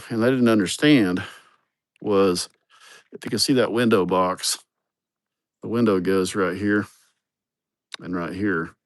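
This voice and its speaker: A man's voice: fairly low pitch, dry recording. Joking, foul-mouthed man on a phone. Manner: joking, blunt, profane storytelling. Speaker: livestream host. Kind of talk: casual livestream chat. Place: outdoors at a building site. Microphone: phone held in hand.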